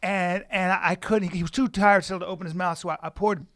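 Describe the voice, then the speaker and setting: Brief: rapid-fire male podcast co-host; stammering, mock-serious rambling. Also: high-pitched, steady tone, a bit bright, no echo, clean studio sound. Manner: rambling tall tale, stammered repeats, mock-earnest. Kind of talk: improvised comedy chat.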